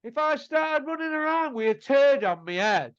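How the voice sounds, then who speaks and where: A man rants in a blunt, scornful way, his voice sitting fairly high. The sound is dry and a little dull. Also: animated, normal speed, no room sound. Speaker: host. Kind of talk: casual ranting commentary.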